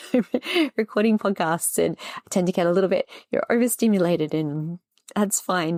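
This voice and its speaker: Calm, low-voiced woman guiding breathing. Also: vocal fry, dry recording, clean studio sound. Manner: calm, gentle, slow guiding voice. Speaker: fertility yoga teacher and podcast host. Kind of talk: guided breathing and relaxation talk.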